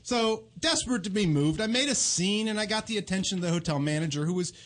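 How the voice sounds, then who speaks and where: A man's voice: sits high, lively intonation, fast, a bit bright. A man co-hosting a comedy podcast, telling a story in casual chat. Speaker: podcast co-host.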